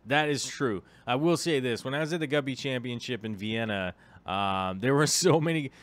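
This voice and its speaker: A man's voice: mid-range voice, normal speed, fairly bright tone. A man vlogging casually about his hobby, rambling with many filler ums and chatty asides to the viewer. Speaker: aquarium vlogger. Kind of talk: casual vlog chat.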